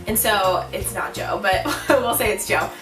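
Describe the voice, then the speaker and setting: A young woman vlogger telling a storytime in an animated, giggly way, acting out her own shouts. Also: mid-range voice, measured pace, far from the mic. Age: young adult. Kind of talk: storytime vlog. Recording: echoey room, a bit off-mic, music behind.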